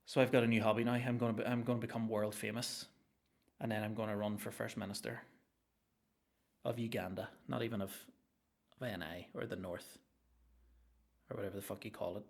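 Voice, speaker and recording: A young adult man with a Northern Irish accent, hosting a solo comedy podcast with an animated, sweary rant that jumps from topic to topic. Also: fairly low pitch, fairly quick, creaky, pauses often. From Northern Ireland. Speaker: podcast host.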